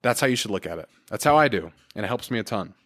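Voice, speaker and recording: A man's voice: on the low side, animated, fast talker, fairly bright tone. A man hosting a solo motivational podcast, talking in an earnest, encouraging and casual way with everyday fillers. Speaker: podcast host.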